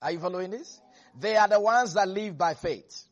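High-voiced man preaching a sermon. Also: moderate pace, muffled recording. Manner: emphatic, calls on congregation to repeat phrases.

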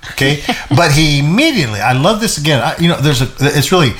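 This male co-host has a medium-pitched voice and talks briskly with few pauses. He's teaching a Bible passage in a lively way on the show, repeating himself often and breaking into laughter.

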